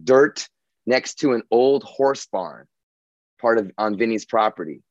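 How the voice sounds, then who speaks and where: A man's voice: lowish voice, expressive, measured pace, no echo. Guy rambling through a story, cussing a lot, dull dry lo-fi sound. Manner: rambling, profane, many restarts and fillers. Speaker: guest telling his story. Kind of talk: casual storytelling.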